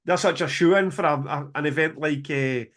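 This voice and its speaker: Guy cohosting a podcast, fairly high voice, excited and rambly. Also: moderate pace. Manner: enthusiastic, rambling with restarts. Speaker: podcast co-host, festival promoter. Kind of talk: casual chat.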